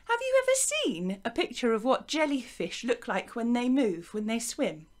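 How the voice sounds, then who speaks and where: Lively English woman teaching young children. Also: a little high, moderate pace. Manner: gentle, encouraging, sing-song counting and chanting. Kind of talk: children's music and movement lesson. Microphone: wearing a microphone.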